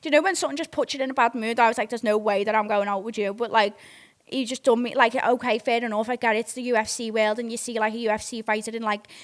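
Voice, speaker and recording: A woman's voice: fairly high pitch, quick pace. A woman, hosting a podcast and telling a rambling, sweary story in a casual way. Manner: sweary, rambling, excitable retelling. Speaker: podcast host.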